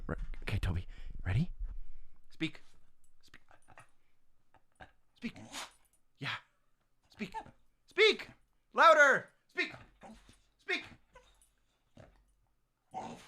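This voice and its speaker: A male streamer in his home office, chatting casually with viewers and coaxing his dog through tricks with high, sing-song commands. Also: a bit bright, dry recording. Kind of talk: casual live stream chat.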